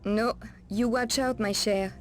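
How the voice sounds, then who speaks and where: A woman's voice: fairly high pitch, fairly even intonation, measured pace, close to an everyday voice. An actress playing a wary streetwise woman of the night streets, with a French accent and French endearments, guarded and cautioning.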